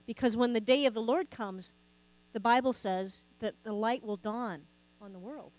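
A woman's voice: on the high side, normal speed, a little mellow, no room sound, rough recording. A woman preaching a sermon, talking conversationally and asking the congregation rhetorical questions. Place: church sanctuary.

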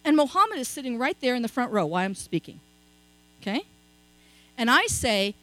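A woman's voice: a little high, very animated, normal speed, long pauses, a bit bright, no room sound, rough recording. A middle-aged woman preaching a sermon in a conversational storytelling way, often checking in with her listeners. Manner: conversational storytelling, frequent "okay?" asides.

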